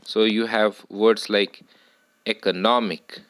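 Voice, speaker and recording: Guy teaching pronunciation, slow and careful, repeats himself, kinda low voice, dry mic. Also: fairly bright tone, no room sound. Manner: slow, deliberate, repeats and self-corrects. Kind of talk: lecture on word stress.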